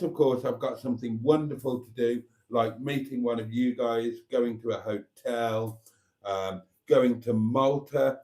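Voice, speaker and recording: A man's voice: medium pitch, mellow. Male live-stream host, casual and chatty, reads comments aloud.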